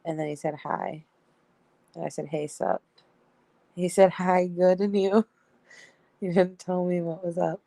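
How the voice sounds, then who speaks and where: A woman's voice: lowish voice, fairly even intonation, a little slow, gravelly, long pauses, warm tone, no echo. A young woman streamer casually reading out both sides of a text chat, giggling often. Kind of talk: casual live-stream storytelling.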